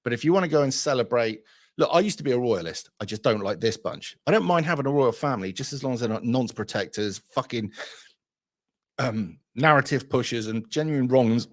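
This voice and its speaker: A man's voice: medium pitch, animated, brisk. A middle-aged man, ranting bluntly and profanely to camera as a channel host and retelling a pub story. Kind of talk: casual ranting vlog.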